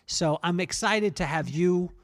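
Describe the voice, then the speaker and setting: Higher-voiced man hosting a podcast. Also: a little slow. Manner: self-deprecating, rambling with restarts. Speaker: podcast host. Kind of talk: casual storytelling interview.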